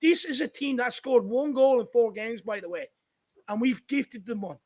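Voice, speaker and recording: An Irish man hosts a fan channel's live football watchalong in a very high, darkish-toned voice at a moderate pace. He furiously swears and rants about his team's defending.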